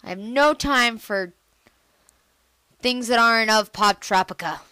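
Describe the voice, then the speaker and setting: A woman giving casual let's-play commentary on a computer game, chatty and excitable, jumping into squealy high bursts. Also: a little slow, smooth, no echo. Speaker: gameplay commentator.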